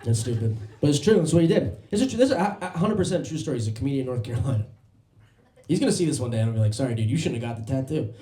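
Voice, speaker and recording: Male stand-up comic on a club stage, lively storyteller who does voices, mellow tone. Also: medium pitch, very fast, reverberant. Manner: animated storytelling with voiced impressions. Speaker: stand-up comedian. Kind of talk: stand-up comedy set.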